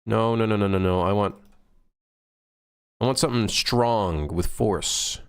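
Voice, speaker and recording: A man streaming his game development work, chatting casually and reacting excitedly, joking and swearing as he works. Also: fairly low pitch, measured pace, smooth. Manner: excitable, swears and jokes while working. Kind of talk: casual live-stream commentary.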